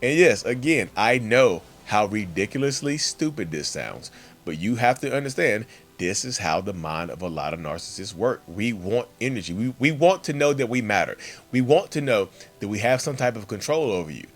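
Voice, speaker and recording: A man's voice: on the low side, expressive, normal speed. A man hosting a casual, emphatic monologue for his channel and addressing viewers directly as y'all. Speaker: channel host.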